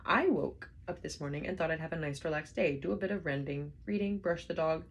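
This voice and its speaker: A woman voicing a panicky, indignant young Englishman with shrill, flustered protests in a storybook reading. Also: fairly quick, husky.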